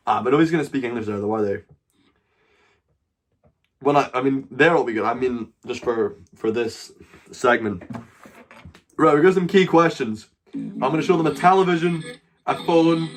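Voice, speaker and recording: A man's voice: mid-range voice, slight background noise. A man with a Scottish accent hosting a live stream, bantering crudely with strangers and swearing freely. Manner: crude, swears freely, loud mocking outbursts.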